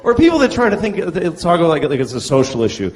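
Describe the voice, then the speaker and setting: A man's voice: sing-song, fast talker, reverberant, in a large hall. A middle-aged man doing a profane, ranting stand-up comedy set on a club stage. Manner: ranting, profane, jumps into shrill yelling bits. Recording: live set with clear audience noise.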